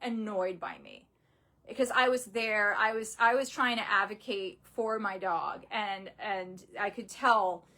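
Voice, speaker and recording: A young adult woman telling a painful personal story in a halting, upset way, full of restarts and fillers, grieving and close to tears. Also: medium pitch, fairly even intonation, sharp tone. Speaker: vlogger.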